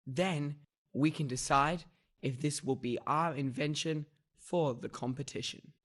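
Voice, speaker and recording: A man voicing an agreeable male student in a textbook dialogue, friendly and even-handed. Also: on the high side, unhurried.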